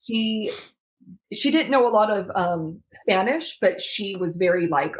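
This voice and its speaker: Woman guest recounting an ordeal, sincere and halting, mid-range voice. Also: mid-range voice, poor audio. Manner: earnest, many fillers and restarts, acts out quotes. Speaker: podcast guest. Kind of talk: emotional personal storytelling.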